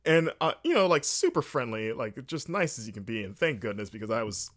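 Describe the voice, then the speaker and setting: A man's voice: medium pitch, fairly quick. A man hosting a casual games talk show, telling an anecdote with many fillers and restarts and acting out bits of dialogue. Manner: animated storytelling with many fillers and restarts, acting out quoted exchanges. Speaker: host. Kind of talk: casual rambling monologue.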